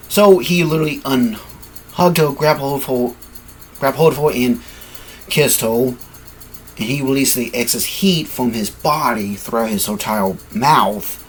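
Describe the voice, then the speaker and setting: A man's voice: medium pitch, a little slow, slight background noise. A man improvising a fan-fiction story, rambling, correcting himself and apologizing as he goes, sleepy and yawning.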